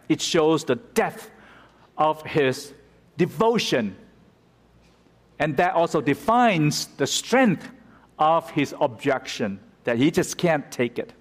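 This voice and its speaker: A man preaching a sermon who explains scripture and turns dramatic when he quotes it. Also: fairly high pitch. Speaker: pastor. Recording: reverberant hall.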